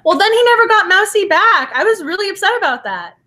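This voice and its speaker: Gushing, excitable woman co-host with a high voice for a book talk show. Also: a little fast. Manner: gushing, laughs often, restarts. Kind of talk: casual book discussion.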